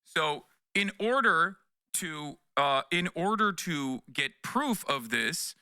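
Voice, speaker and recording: A man's voice: fairly high pitch, animated, bright, forceful tone, smooth, no echo, clean studio sound. Profane, exasperated male streamer ranting. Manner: profane, exasperated, rapid rants with repeated "okay?". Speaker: streamer reacting to news. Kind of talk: heated political commentary.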